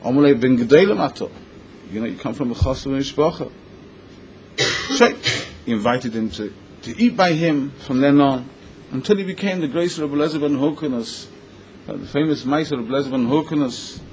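A man teaching a Talmudic story in English, mixing Hebrew and Yiddish terms into his lively retelling. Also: medium pitch, fairly quick, slight background noise, rough recording. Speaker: Torah teacher.

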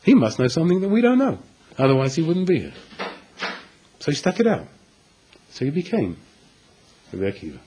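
A man giving a storytelling Torah lecture, animated and acting out the dialogue with dramatic pauses. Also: on the high side, slight background noise, low-quality recording. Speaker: Torah teacher.

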